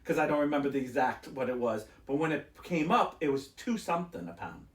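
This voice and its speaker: Animated storytelling man, roomy distant sound. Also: medium pitch, fairly quick. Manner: animated storyteller, acts out store clerks, swears casually. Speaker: podcast host. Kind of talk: casual chat.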